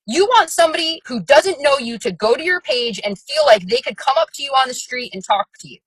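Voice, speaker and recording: Chatty, husky-voiced woman coaching a team. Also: high voice, lively intonation, brisk, a bit bright, dry recording, low-quality recording. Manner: chatty and frank, with frequent fillers. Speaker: fitness coach on a team call. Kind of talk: casual coaching talk.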